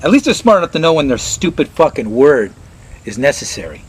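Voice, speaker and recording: A man ranting casually and sarcastically, swearing and slipping into high mocking voices. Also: big pitch swings, brisk, breathy edge, low-quality recording.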